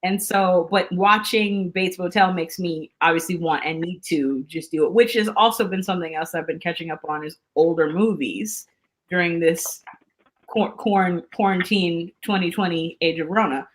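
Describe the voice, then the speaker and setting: A woman's voice: lowish voice, normal speed. A woman guest on a podcast, chatting in a bubbly way with lots of filler words. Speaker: actress guest. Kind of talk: casual chat.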